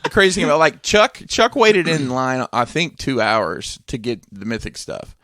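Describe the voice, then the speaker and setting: Gravelly man telling a story. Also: medium pitch, expressive, normal speed, a bit bright, dry recording, studio quality. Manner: storytelling, laughs often, swears casually. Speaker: podcast host. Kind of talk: casual chat.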